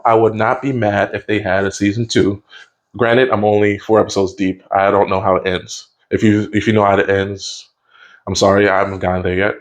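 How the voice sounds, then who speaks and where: Rambling, low-voiced man reviewing a show. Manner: rambling, with frequent fillers and self-corrections; easygoing and conversational. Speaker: TV episode reviewer. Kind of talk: casual spoken review.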